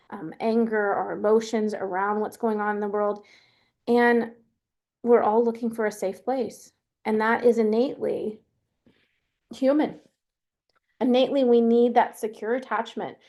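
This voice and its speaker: A fairly high-pitched woman hosts a webinar in a loose, conversational way. She talks in a chatty manner, full of fillers and restarts. She sounds middle-aged. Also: darkish tone. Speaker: webinar host. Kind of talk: casual webinar presentation.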